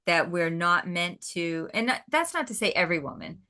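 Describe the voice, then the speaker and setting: A woman's voice: lowish voice, sing-song, normal speed, bright, forceful tone. A woman guest talking casually about folk magic, forthright and prone to repeating words as she talks. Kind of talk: casual interview chat.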